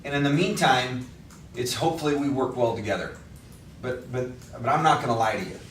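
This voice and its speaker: A man's voice: mid-range voice, fairly quick, a little hiss or hum. Male trainer at a workshop, plain straight talk, heard from across a reverberant room. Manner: blunt, conversational, coaching. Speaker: real estate trainer. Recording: echoey room from far off.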